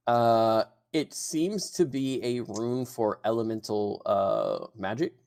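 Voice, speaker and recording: A man running a tabletop game as dungeon master, narrating scenes in a relaxed way with fillers. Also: medium pitch, takes it slowly, vocal fry.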